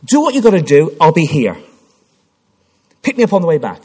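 A man's voice: a little high, huge pitch swings, a little fast, a little mellow, slightly rough, full character voice. A man quoting a rebellious teenage boy in a sermon, in a blunt, matter-of-fact voice close to his own.

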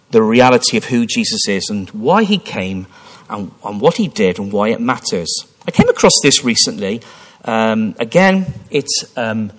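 Male preacher, sermon delivery, emphatic with restarts, lively rising and falling pitch. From Wales. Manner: emphatic, rising to fervent repetition with frequent restarts.

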